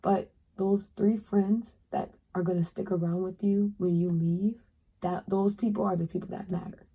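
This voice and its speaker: A woman in her twenties giving chatty tarot advice, talking casually and acting out little dialogues in a higher voice. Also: steady tone, moderate pace, warm tone, husky. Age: 20s. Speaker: tarot reader. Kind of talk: casual pick-a-card advice talk.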